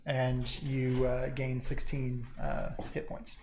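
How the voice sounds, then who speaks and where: A game master narrating a tabletop game, halting with fillers and laughing often. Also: medium pitch, level tone, gravelly, dark tone, slight background noise.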